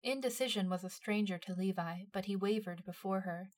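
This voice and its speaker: A woman narrating a dramatic story in a measured, expressive reading voice. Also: medium pitch. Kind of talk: storytelling narration of fan fiction.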